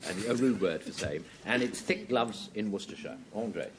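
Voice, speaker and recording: A man hosting a TV panel game, announcing turns and summing up in a brisk, wry way. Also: on the low side, noisy background. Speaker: quiz host.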